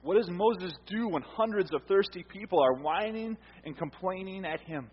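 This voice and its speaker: A man preaching a sermon as pastor, earnest, repeating phrases for emphasis and letting his lines fall quiet at the ends. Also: high voice, lively intonation, moderate pace, breathy edge. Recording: dull, echoey hall sound.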